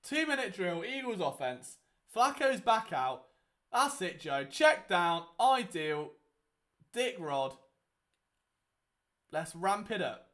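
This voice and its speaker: High-pitched and sing-song, with a fairly bright tone, this young male host speaks at a measured pace with long pauses. He gives chatty, rambling live commentary on a game during a casual watchalong, using many fillers.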